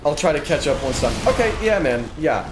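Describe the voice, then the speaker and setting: A man's voice: a little high, big pitch swings, brisk. A tired, yawning man streaming a game, chatting casually and self-deprecatingly, repeating his phrases as he plays at his desk. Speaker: gaming streamer. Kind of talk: casual let's-play commentary. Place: room at a gaming desk with monitors. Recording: roomy sound with background noise.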